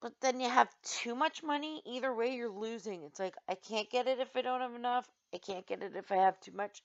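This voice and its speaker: A woman vlogger telling a story and ranting in an exasperated, animated way, full of "like"s. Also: a little high, brisk. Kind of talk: casual ranting monologue. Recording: slightly dull lo-fi sound.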